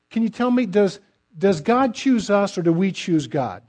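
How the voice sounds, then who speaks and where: Middle-aged guy preaching, dark mellow voice, emphatic, trails off soft at the ends. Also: high-pitched, moderate pace. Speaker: pastor. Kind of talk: sermon.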